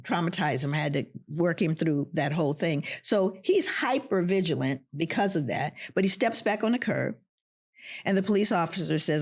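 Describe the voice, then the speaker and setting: Husky, animated woman telling a story. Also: sits low, normal speed. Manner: animated, acts out the voices of people in her story. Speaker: podcast guest, professor. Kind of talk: personal storytelling in a podcast interview.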